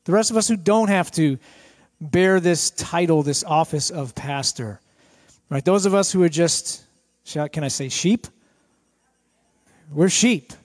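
A man giving a lighthearted sermon as guest speaker in a church, excitable and joking, often repeating his phrases. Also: fairly high pitch, a little slow, long pauses. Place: church sanctuary.

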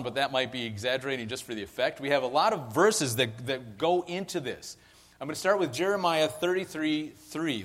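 Male pastor, fairly high voice, easygoing conversational sermon, long church reverb. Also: fairly bright tone. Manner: conversational preaching with fillers and restarts.

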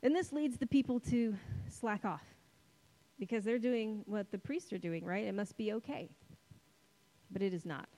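A woman's voice: mid-range voice, dark tone, poor audio. Playful woman preaching a sermon. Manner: conversational and playful, dramatic pauses on key words.

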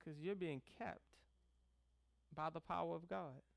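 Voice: medium pitch, a little slow, creaky, no echo. A pastor preaching a conversational sermon, checking in with the congregation and stressing key words. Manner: conversational preaching with frequent "right?" check-ins; animated, leans hard on key words.

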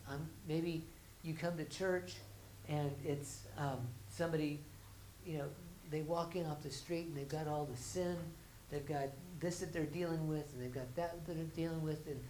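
A woman delivers a sermon in a conversational, informal way, with a somewhat low voice. She often restarts and repeats her words. She slips into the everyday voices of her listeners to act out what they say. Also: a little mellow, a little hiss or hum, low-quality recording. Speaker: preacher.

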